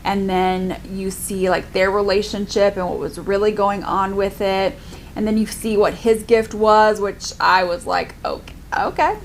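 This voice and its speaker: A woman's voice: medium pitch, flat delivery, measured pace, slight background noise. A young adult woman chatting casually in a book review vlog, filling her talk with "like". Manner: chatty, lots of "like" fillers. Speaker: book vlogger.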